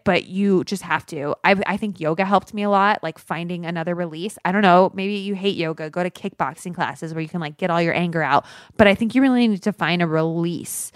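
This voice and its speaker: A woman in her thirties co-hosting a podcast, giving frank advice in casual, animated chat and swearing freely. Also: on the low side, a little fast, no echo, clean studio sound. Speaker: podcast co-host.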